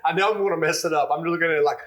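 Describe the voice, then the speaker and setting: A man's voice: on the high side, steady tone, racing, fairly bright tone. A man hosting a wine podcast, chatting casually and rambling through anecdotes with lots of fillers. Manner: rambling storyteller with many fillers. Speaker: podcast host. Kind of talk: casual chat, telling anecdotes.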